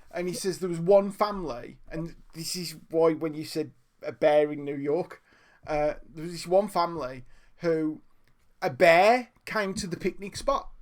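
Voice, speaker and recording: A man and podcast co-host, telling a story in an animated, laughing way during a casual live chat. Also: a little high. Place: home room, streamed live.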